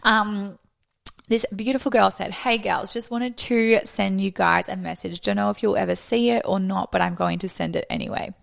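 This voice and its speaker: A woman's voice: medium pitch, steady tone, normal speed, vocal fry, no room sound, clean studio sound. A young woman co-hosting a podcast in casual chat, upbeat and encouraging. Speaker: podcast co-host.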